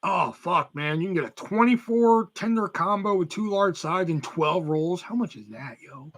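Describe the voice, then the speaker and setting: A man's voice: high voice, animated, moderate pace, fairly bright tone. A young man, chatting casually and swearing freely on a live stream while reading chat messages aloud. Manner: profane, rambling, reads chat aloud. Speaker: livestream host.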